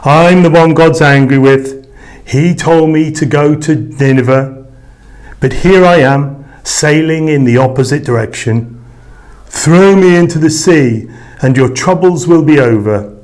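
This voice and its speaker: A man's voice: a little high, sing-song, unhurried, a little mellow, voice pushed up. A man voicing a reluctant, grumbling male prophet in a storybook reading, speaking in a groaning, complaining way. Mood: resigned.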